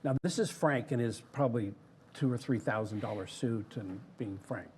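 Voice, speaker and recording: A retired theme park designer, an older man with a mid-range voice and moderate pace, relates stories casually in an interview, bringing others' remarks to life as he tells them. Slight background noise is audible.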